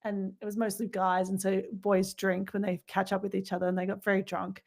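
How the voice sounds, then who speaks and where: Woman chatting on a spiritual podcast, meandering, lots of "you know" and "like", thinking out loud. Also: medium pitch, flat delivery, a little fast. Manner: rambling, reflective, many fillers and restarts. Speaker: podcast co-host. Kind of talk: casual spiritual chat.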